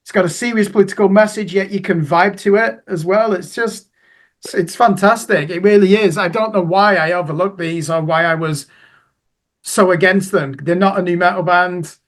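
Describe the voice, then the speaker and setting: A man's voice: high voice, fairly even intonation, normal speed. A man chatting as co-host of a music review show, rambling and self-deprecating. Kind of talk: casual music review chat.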